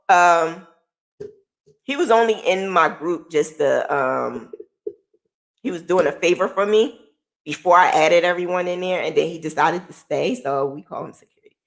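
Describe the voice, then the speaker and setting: A middle-aged woman who hosts a podcast tells her own story candidly and emotionally, cursing freely. She speaks at normal speed in a lowish voice.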